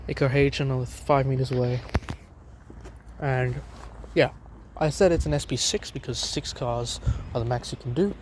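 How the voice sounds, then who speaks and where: A man's voice: mid-range voice, normal speed, darkish tone, slight background noise. A young Australian man vlogging about trains, rambling outdoors on a station platform with fillers and restarts, a lozenge in his mouth. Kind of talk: casual walking commentary.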